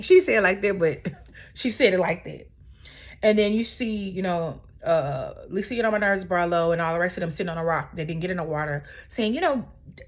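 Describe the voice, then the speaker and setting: A woman's voice: on the low side, brisk. A woman casually recapping a reality TV episode in a chatty, sassy way, full of asides.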